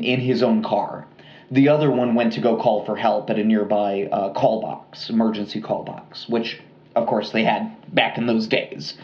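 A man co-hosting a podcast, telling a true crime story in a relaxed, rambling way with lots of fillers and restarts. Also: fairly low pitch, reverberant, dull audio. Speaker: podcast co-host.

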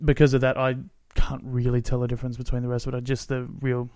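A man's voice: mid-range voice, monotone, fast talker, darkish tone, no echo, clean studio sound. Chatty man with a New Zealand–Australian accent. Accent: mixed New Zealand and Australian. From New Zealand, grew up in Australia. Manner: chatty, laughs often, acts out quotes. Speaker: podcast host. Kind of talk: casual chat.

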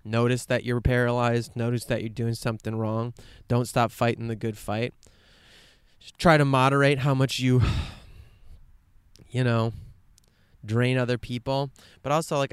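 A man with a smooth, resonant voice rambles earnestly in an outdoor vlog. He swears freely, drifts between hushed musing and fired-up rants, and sits in a quiet meadow with a dry, close sound. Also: mid-range voice, fairly even intonation, normal speed, long pauses, no room sound. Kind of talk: casual outdoor vlog monologue.

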